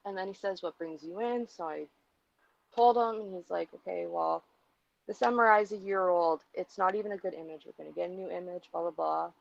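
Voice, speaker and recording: A woman's voice: lowish voice, brisk, creaky, muffled recording. A woman vlogger telling a personal story in a heated, profane and rambling way, full of fillers. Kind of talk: casual storytelling rant.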